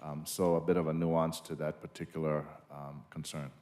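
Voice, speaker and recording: Man, staff official, deep voice, cautious clarifying replies at a public meeting. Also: little pitch movement, normal speed, a little mellow. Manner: hesitant, careful clarifying. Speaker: official answering board questions. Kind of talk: answering questions at a public meeting.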